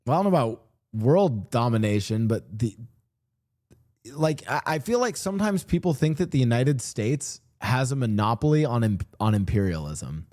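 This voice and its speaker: Animated young-sounding male streamer chatting. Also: medium pitch, moderate pace. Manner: rambling, animated, full of restarts and mock voices. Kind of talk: casual livestream chat. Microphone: streaming desk mic.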